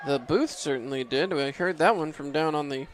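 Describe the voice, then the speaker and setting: A man's voice: on the high side, moderate pace, a little hiss or hum. A man calling baseball play-by-play from an outdoor ballpark booth, easygoing and chuckling, his voice rising sharply on big hits. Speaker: play-by-play announcer.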